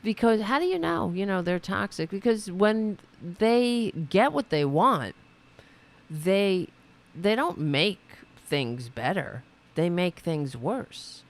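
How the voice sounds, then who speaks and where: A woman hosts a livestream, reacting to clips with indignant sarcasm and plenty of swearing. Her pitch swoops widely as she talks, and she speaks at an unhurried, deliberate pace. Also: very animated. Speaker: political commentary host.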